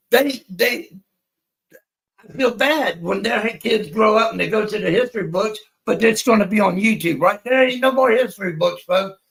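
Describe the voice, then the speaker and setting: A man's voice: high voice, creaky, fairly bright tone, rough recording. A man, ranting angrily on a livestream and swearing constantly. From United States. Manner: profane and heated, swears constantly. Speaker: livestream panelist. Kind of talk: angry livestream rant.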